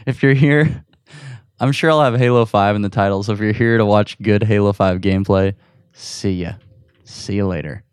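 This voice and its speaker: A man's voice: lowish voice, fairly even intonation, brisk, smooth, dry recording, clean studio sound. A young man hosting a casual solo podcast while playing a video game at home, rambling and self-deprecating, a bit out of breath. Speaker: podcast host. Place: his room at home. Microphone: audio recorder.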